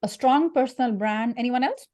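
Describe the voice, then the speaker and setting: A woman's voice: fairly high pitch, normal speed. Punchy woman leading a career workshop. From India. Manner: lively, punchy, jokey, quizzes the audience. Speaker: career speaker. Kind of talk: interactive workshop talk.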